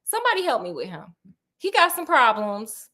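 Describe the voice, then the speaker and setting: Woman doing a flustered male doctor, high pitched, pleading, comic storytelling. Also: huge pitch swings, moderate pace, pushed and bright, heavily acted. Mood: exasperated. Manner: exasperated, pleading. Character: flustered male doctor fussing over a patient.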